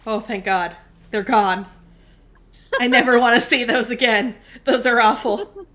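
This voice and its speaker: A woman streaming a game, chatting casually and breaking into loud exasperated outbursts at it. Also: fairly high pitch, unhurried. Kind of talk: casual gameplay chat.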